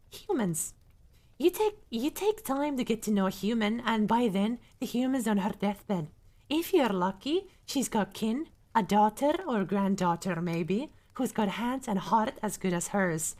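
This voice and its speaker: A woman doing a gruff brogue-speaking dwarf. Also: mid-range voice, expressive, a little slow, a little mellow, lightly acted. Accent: Scottish-Irish-like put-on brogue. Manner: blunt, opinionated, folksy speech with "ye". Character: gruff dwarf, proud and clannish. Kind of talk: ASMR role-play reading.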